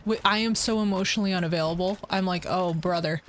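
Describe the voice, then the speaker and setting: A woman's voice: on the low side, fast talker. A woman streamer chatting casually while she plays, candid, jokey and full of slang. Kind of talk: casual chat while playing. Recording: noisy live stream audio.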